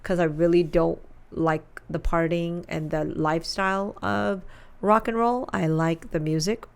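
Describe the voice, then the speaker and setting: A woman's voice: fairly low pitch, fairly even intonation, unhurried, vocal fry, clear, resonant tone. A woman from Pakistan, a radio DJ and spokeswoman, chatting and joking as a guest in an interview. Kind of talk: casual interview chat.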